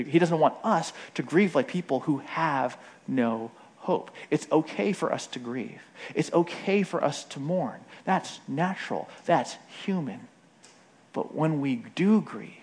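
A man giving a conversational sermon, often checking in with "right?" and briefly acting out the voices of the people he quotes. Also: on the high side. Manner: frequent "right?" tag questions, acts out quoted voices. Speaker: preacher.

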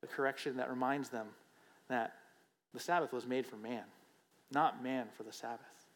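A man's voice: mid-range voice, steady tone, moderate pace, fairly bright tone. A man preacher giving a sermon in a conversational, emphatic way, often checking in with "right?". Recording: long hall reverb.

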